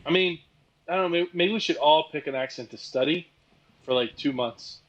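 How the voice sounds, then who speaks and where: An American man co-hosting a casual comedy podcast. His voice sits a little high. He is laid-back and hesitant, often trailing off or answering in a word or two. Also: moderate pace, fairly bright tone, lo-fi sound. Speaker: podcast co-host.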